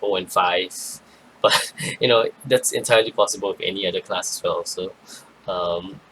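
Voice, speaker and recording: A man giving a rambling, casual card game review, tired and yawning, with many pauses and restarts. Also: sits low, fairly bright tone, slight background noise, rough recording. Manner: rambling, lots of ums and restarts. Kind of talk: casual commentary.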